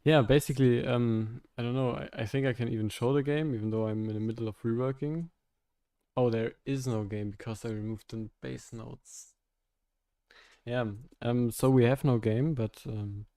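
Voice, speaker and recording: A young man chats with his viewers during a live coding stream, with a mellow voice. He thinks aloud, stops and restarts, and laughs often. The sound is dry. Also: medium pitch, steady tone, moderate pace, no room sound. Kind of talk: casual live-stream chat while coding.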